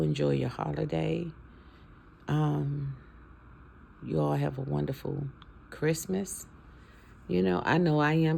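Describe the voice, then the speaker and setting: Gravelly-voiced woman vlogger. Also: sits low, warm tone, slight background noise. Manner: preachy, emotional, talks straight to followers. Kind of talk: casual heartfelt talk to camera.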